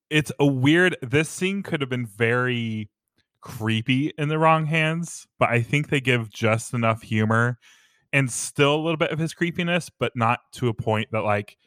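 A man's voice: mid-range voice, normal speed, fairly bright tone, no room sound, clean studio sound. A young man joking playfully in a casual film discussion. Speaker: podcast co-host.

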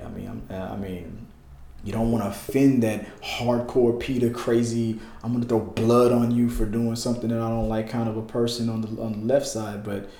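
A man's voice: on the low side, vocal fry, mellow, reverberant. A man talking in a casual, heated political rant, emphatic and repetitive, with frequent restarts. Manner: heated, emphatic, repeats himself, restarts often.

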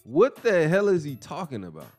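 A man hosting a casual boxing commentary podcast, animated and mocking, who laughs often. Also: a little high, normal speed, faint music behind. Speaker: podcast host.

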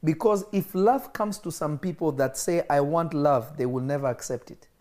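A man teaching a small group about love and the Bible, answering questions in a lively, storytelling way. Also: on the high side, moderate pace. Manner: lively storytelling, quotes others.

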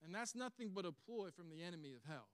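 Southern male pastor, high voice, dry close sound, animated storyteller. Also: quick pace, smooth, no echo. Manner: animated storytelling, acts out quoted lines. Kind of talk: sermon.

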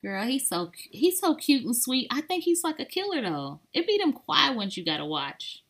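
A woman's voice: on the high side, very animated, normal speed, fairly bright tone. A woman co-hosting a podcast, chatting casually in a playful, teasing, slangy way. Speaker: podcast co-host. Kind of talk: casual chat.

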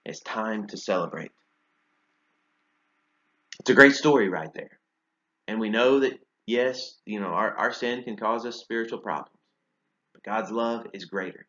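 A man's voice: fairly low pitch, a bit bright. A man preaching a sermon in a conversational way, asking rhetorical questions and using casual fillers. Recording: roomy and slightly dull sound.

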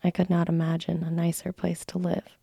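A woman narrating a classic story in a soft, slow unvoiced whisper, a whispered role-play read close to the mic. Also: fairly low pitch, monotone, vocal fry, slightly rough, no echo.

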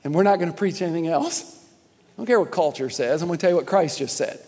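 High-pitched pastor man preaching, punchy and repetitive, lots of call and response, big echoey church. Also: fast, dark tone. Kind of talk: sermon. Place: church sanctuary. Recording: long hall reverb.

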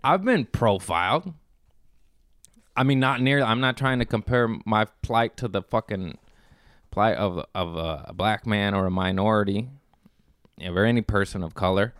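A man's voice: on the low side, moderate pace, a bit bright, clean tone, no echo, studio quality. A man in his thirties telling a rambling, profane story in a casual chat, laughing often and restarting his sentences. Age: 30s. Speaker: podcast host. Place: Los Angeles.

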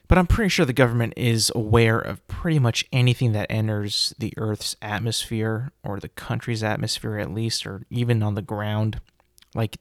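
A man hosts his own podcast in a loose, rambling monologue. He piles up fillers and restarts and swears now and then while he retells a scene. His voice sits at an ordinary middle pitch, recorded close and dry with no room sound. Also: no room sound. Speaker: podcast host.

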